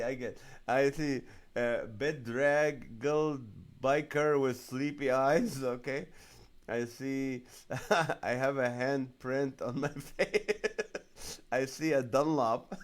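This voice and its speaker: A male comedian hosting a casual live stream, reading viewer comments aloud and laughing often. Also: mid-range voice. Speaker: comedian host of a live show.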